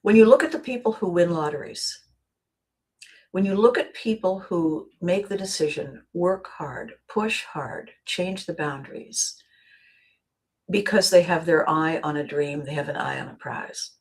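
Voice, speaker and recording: In an unhurried, somewhat low voice, a woman hosting a live motivational video welcomes viewers by name. Her tone is earnest, and she often doubles a word when she restarts a sentence.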